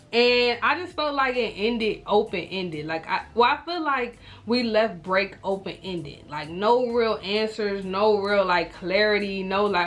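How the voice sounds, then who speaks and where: Young woman, casual storytime vlogger, lively and chatty, addresses viewers directly. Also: medium pitch. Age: young adult. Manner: animated, talks straight to viewers, acts out her own reactions.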